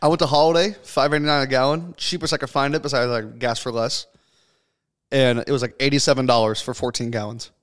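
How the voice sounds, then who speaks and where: A man's voice: medium pitch, steady tone, brisk, fairly bright tone. A young man hosting a podcast, chatting casually and joking with friends, swearing freely. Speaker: podcast host. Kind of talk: casual chat.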